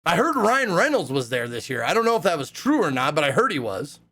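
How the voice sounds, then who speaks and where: A young man chats to his live viewers in a loose, rambling way, packed with swearing and fillers. His voice sits high and jumps around a lot in pitch as he gets worked up. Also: fast. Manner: excitable, profane, rambling with many fillers. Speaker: live streamer. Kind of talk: casual storytelling to a live chat.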